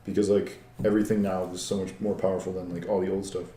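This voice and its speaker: Young man, podcast co-host, rambling, dark mellow tone, roomy sound. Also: low voice, little pitch movement, fast. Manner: rambling, many fillers like "like". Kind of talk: casual chat. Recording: echoey room.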